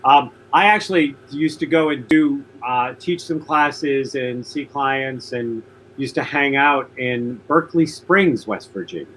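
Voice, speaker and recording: A man's voice: medium pitch, unhurried, a bit bright, a little hiss or hum, low-quality recording. A man hosting a talk show, speaking earnestly and enthusiastically, often repeating his phrases. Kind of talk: radio interview chat.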